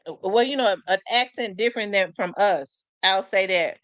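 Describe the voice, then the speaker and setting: A woman's voice: medium pitch, moderate pace, fairly bright tone, dry recording. A woman hosting a casual live commentary, chatty and asking questions aloud as she talks to her viewers. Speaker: host.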